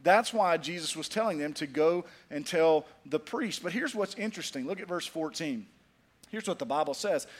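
A man's voice: on the high side, lively intonation, moderate pace. A man preaching a sermon, emphatic and repetitive, who tells stories with humor. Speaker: pastor.

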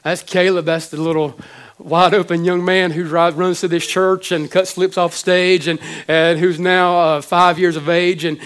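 A man in his forties, a pastor, preaching an emotional sermon with many halting restarts. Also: high voice.

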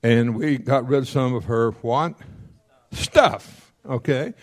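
A man teaching a class on paying off debt, folksy and joking, checking in often with his listeners and rattling off figures quickly. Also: medium pitch. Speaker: financial counselor teaching a class. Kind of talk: classroom lecture on debt repayment.

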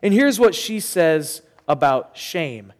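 A man's voice: fairly high pitch, sing-song, slow pace, long reverb tail. A man preaching a sermon as pastor, earnest and conversational with casual asides, in a church sanctuary.

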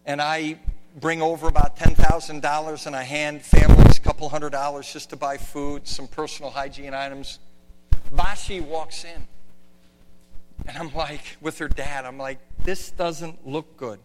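A man delivers a dramatic sermon in a fairly high voice, dropping to near-hushed tones and then rising to loud, shouted stretches. His voice rings out with the long reverb of a large hall, over a faint electrical hum. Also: level tone, normal speed. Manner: dramatic, swinging from quiet to shouting. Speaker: preacher.

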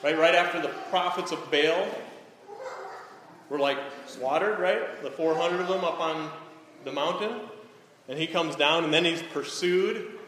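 A man's voice: on the high side, a little slow, a bit bright. A man preaching a sermon, talking directly to the congregation and often checking in with "right?". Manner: frequent "right?" tag questions to the congregation. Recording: echoey hall, some background noise.

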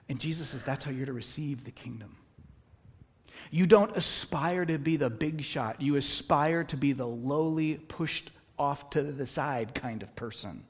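A man preaching a sermon as pastor, talking conversationally and punching words with bursts of loud emphasis. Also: a little high, husky, in a large hall.

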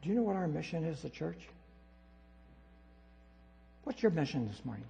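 A man preaching a sermon as pastor, emphatic and repetitive, swinging between loud declarations and quiet asides. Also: on the high side, big pitch swings, normal speed, gravelly. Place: church sanctuary. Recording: reverberant hall with mains hum.

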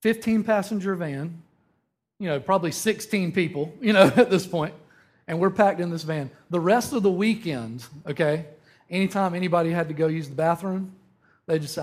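A man's voice: fairly high pitch, normal speed. A man in his thirties giving a conversational sermon, telling a humorous story and often checking in with his listeners. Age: 30s. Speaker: preacher.

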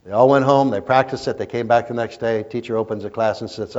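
A man preaching a sermon as a pastor, telling stories and swinging between loud emphasis and quiet asides. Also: medium pitch, steady tone, fast, few pauses. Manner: storytelling preacher, rising and falling in intensity. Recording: muffled lo-fi recording.

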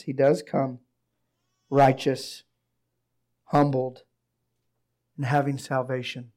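Hoarse pastor preaching, dark-toned. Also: male voice, mid-range voice. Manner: reads scripture aloud, rises to excited emphasis. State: hoarse, recovering from illness. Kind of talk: sermon.

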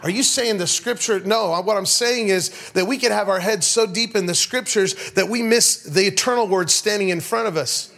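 A man's voice: high voice, moderate pace, creaky, hardly any pauses, a bit bright. A middle-aged man preaching a sermon to his church, telling funny stories and calling out to the congregation. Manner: storytelling, call-and-response with the congregation. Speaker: pastor. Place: church sanctuary.

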